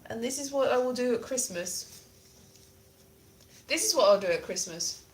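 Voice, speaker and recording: A woman's voice: a little high, animated, moderate pace. Woman streamer, casual chat with viewers, playful and self-mocking.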